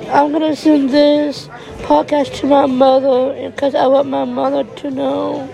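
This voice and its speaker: A woman talking in a personal podcast monologue, halting and repeating herself, her voice breaking and teary. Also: high voice, level tone, creaky, music in the background, poor audio.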